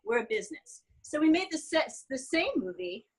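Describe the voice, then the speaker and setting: A woman in her forties, an actress guest in a casual interview, telling animated stories with frequent laughter. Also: high-pitched, brisk, low-quality recording.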